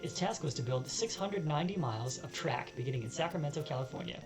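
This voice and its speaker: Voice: medium pitch, lively intonation, fast talker, music in the background, rough recording. A let's-play host reading game text aloud with joking asides. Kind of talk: casual game commentary.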